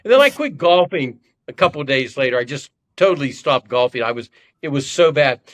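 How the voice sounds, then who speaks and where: This podcast guest, an older former congressman from Ohio, has a medium-pitched voice with lively intonation and a brisk pace. In casual conversation, he spins rambling, self-deprecating anecdotes.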